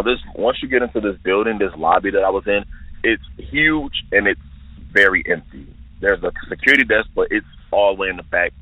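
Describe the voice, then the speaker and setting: A man in his twenties with a low, raspy voice earnestly recounts his own eerie encounter as a listener, telling it carefully and in detail. The sound is a tinny, dry phone line with no echo.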